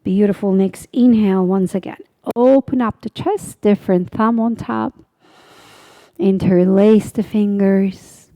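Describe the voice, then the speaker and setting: A woman teaching a guided yoga class, giving slow, soothing cues that often drop to a half-whisper. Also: medium pitch, fairly even intonation, warm tone, dry recording.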